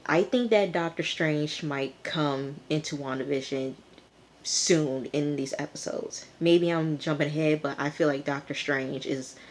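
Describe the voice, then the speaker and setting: A woman recapping and reviewing a TV episode in a chatty, rambling way, recorded on a hand-held phone. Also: low-pitched. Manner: chatty, rambling, with frequent fillers. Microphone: phone camera held in hand.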